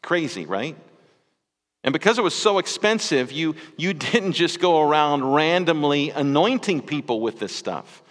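A man's voice: fairly high pitch, expressive, unhurried, a bit bright, big-room sound. A man preaching a sermon to his congregation in a conversational style, with small restarts and asides. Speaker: pastor.

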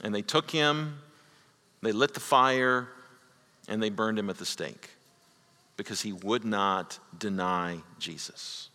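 A man preaching a sermon with a bright, forceful tone. His delivery swings from loud emphasis down to hushed, low lines, and he often stumbles and repeats words. His voice rings with a long reverb, as in a large hall. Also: slow, long pauses. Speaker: pastor.

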